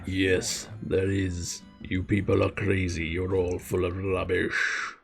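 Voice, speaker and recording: A man voicing an unhinged male beekeeper from a game, speaking slowly, grimly and with menace. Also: sits low, monotone, vocal fry, soft background music, voice pushed down, exaggerated voice. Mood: menacing. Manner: slow, grim and menacing. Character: unhinged male beekeeper plotting revenge with bees.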